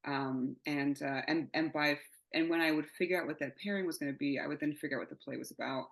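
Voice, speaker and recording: A playwright in her thirties, not a native English speaker, rambles candidly through a casual interview, laughing and swearing often. Her voice sits low and creaky, and she talks fast. The recording is rough.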